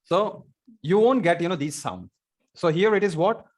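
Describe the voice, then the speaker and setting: A man's voice: sits high, lively intonation, moderate pace. Man, Indian accent, English teacher, online class, video call, repeats points, quizzes students. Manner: repetitive, stops to ask students questions.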